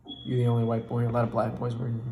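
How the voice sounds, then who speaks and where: A man's voice: medium pitch, monotone, rapid-fire, noisy background, lightly acted. Dude playing a weird eager truck driver guy, pushy and oversharing, echoey room. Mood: confiding. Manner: eager, insistent, overexplaining.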